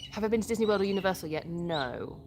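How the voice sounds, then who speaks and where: A woman's voice: mid-range voice, animated, quick pace, background noise. Chatty English woman hosting a live stream. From England. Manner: reads viewer comments aloud and answers them, chatty with restarts. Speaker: livestream host. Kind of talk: casual live-stream chat.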